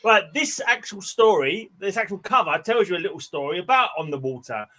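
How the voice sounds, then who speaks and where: A British man with a high, bright voice chats on an online panel. He teases the others and spins little stories with playful energy. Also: expressive, brisk. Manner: playful, teasing, storytelling. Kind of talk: casual online panel chat.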